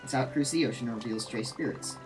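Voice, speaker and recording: Man reading calm game companion, meticulous, mid pitch, music behind. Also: fast, lightly acted. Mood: earnest. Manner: plain, conversational line reading. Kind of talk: reading game dialogue aloud.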